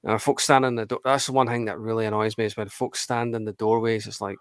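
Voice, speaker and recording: A Scottish man of about forty with a lowish voice, recorded close and dry. He co-hosts a casual podcast chat, grumbling wryly and swearing as he goes. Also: little pitch movement, fast talker, smooth, no room sound. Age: around 40. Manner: wry, grumbling, swears, laughs often. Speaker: podcast co-host.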